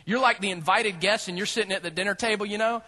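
A male pastor preaching a sermon, animated and humorous as he tells the story. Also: sits high, fast.

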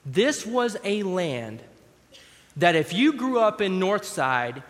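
A man's voice: sits high, big pitch swings, slow pace, a bit bright. A man preaching a sermon in a conversational way, acting out scenes from scripture as he reads. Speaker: pastor. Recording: long hall reverb.

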